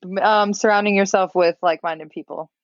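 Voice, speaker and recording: A woman's voice: medium pitch, steady tone, a little fast, no echo, dull audio. A woman with an East Coast American accent, a podcast guest in casual chat who talks frankly and laughs easily.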